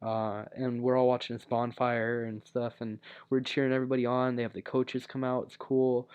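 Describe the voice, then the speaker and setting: A man's voice: medium pitch, little pitch movement, normal speed, a little mellow, clean tone. Rambling young man telling a story. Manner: rambling, lots of filler words and restarts. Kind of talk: casual storytime monologue. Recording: dull lo-fi recording.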